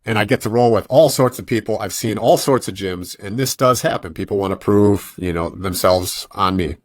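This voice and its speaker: A man's voice: on the low side, moderate pace, no echo. A man being interviewed on a podcast, a jiu-jitsu coach talking casually and acting out voices in his stories. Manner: animated storytelling, acts out quoted voices.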